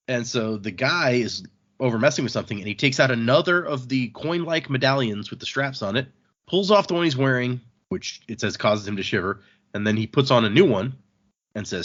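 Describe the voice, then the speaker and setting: A man's voice: mid-range voice, expressive, fairly bright tone. A man on a book podcast, casually retelling chapters and quoting the characters as he goes. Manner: retells scenes, quoting characters in quick asides. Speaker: podcast host summarizing chapters. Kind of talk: casual chat, retelling a story. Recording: dull, muffled podcast audio.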